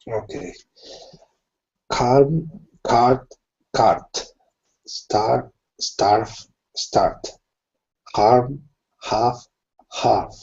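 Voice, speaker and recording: A man's voice: mid-range voice, very slow, gravelly, long pauses, a little mellow. A man student carefully reading practice words aloud in an online pronunciation class. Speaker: language student. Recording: muffled video call audio.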